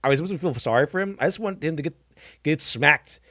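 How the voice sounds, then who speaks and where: A man's voice: a little high, lively intonation, quick pace, pushed and bright, no echo, studio quality. A man giving casual live-stream reaction commentary, blunt and mocking, scoffing at what he watches and restarting sentences as he goes.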